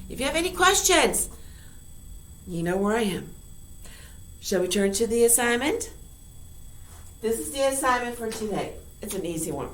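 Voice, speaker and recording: A woman teaching a recorded online grammar lesson to high school students, lively and playful, repeating key words. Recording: echoey room.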